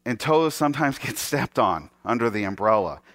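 A man preaching a sermon as a pastor, telling an animated story, acting out the voices of the people in it and often restarting his sentences. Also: mid-range voice, normal speed. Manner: animated storyteller who acts out quoted voices; frequent stammered restarts.

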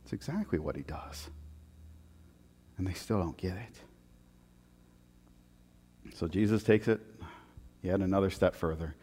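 A man preaching a sermon in an animated, joking way, swinging from loud punchy lines to very quiet ones. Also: low voice, measured pace, pauses often, breathy edge, in a large hall. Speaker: pastor.

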